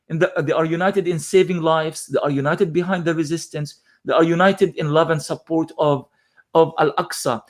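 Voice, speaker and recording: A man giving live news commentary, impassioned, repeating phrases for emphasis and using many fillers. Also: on the high side.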